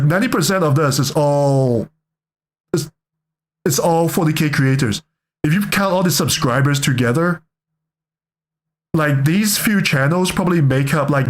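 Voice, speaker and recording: A man's voice: mid-range voice, moderate pace. Young guy streamer rambling through a reaction, jokey, keeps correcting himself. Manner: rambling, joking, self-correcting. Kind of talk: casual reaction commentary.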